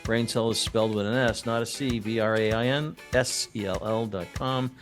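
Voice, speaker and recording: A man's voice: on the low side, steady tone, normal speed, faint music behind. A man hosting a business podcast, chatting casually and joking, with many fillers and restarts. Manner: rambling, jokey, many fillers. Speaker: podcast host.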